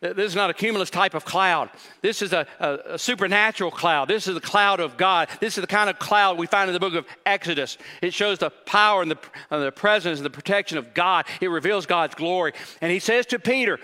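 A man's voice: high-pitched, a little fast, sharp tone, big-room sound. A man preaching a sermon as pastor, emphatic and repetitive, with rhetorical questions to the congregation.

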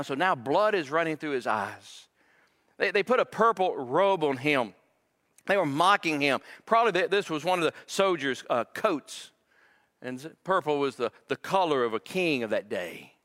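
A man preaching a sermon with a dramatic, emphatic delivery, his intensity building as he repeats phrases. His voice is bright and forceful and sits a little higher than most men's. The sound rings out with the long reverb of a large hall. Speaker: pastor.

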